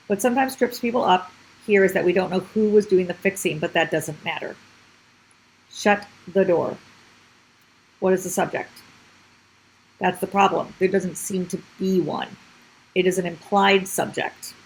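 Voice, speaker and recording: A woman's voice: mid-range voice, breathy edge, poor audio. A woman teacher explaining a grammar lesson step by step, often checking in with the class.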